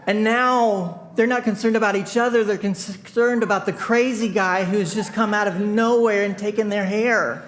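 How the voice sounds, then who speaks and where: High-voiced animated pastor telling a story. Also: male voice. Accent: Midwestern American. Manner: animated storyteller, laughing, shouting in retold scenes. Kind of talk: sermon storytelling. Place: church sanctuary.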